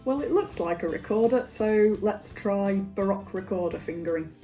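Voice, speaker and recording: Woman vlogger, wry and self-mocking, warm mellow voice, faint music behind. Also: mid-range voice, moderate pace. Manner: self-deprecating, dry humour. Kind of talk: casual instructional vlog.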